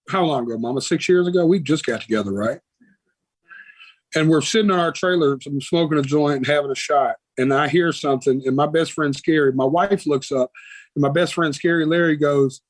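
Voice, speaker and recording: A man's voice: fairly high pitch, no echo, rough recording. A man with a Southern US accent, telling rambling, folksy stories as a guest musician in a casual interview.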